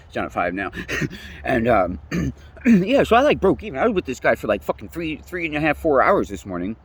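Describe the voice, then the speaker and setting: A man's voice: mid-range voice, sing-song, moderate pace, husky. Rambling, profane young man. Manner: profane, rambling, repeats himself; restarts and trails off often. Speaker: vlogger telling his own story. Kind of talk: casual storytelling rant.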